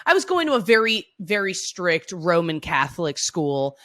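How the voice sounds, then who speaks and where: A woman co-hosting a podcast, telling stories casually with lively restarts and frequent laughs. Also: on the low side, moderate pace. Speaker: podcast co-host. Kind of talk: casual conversational storytelling.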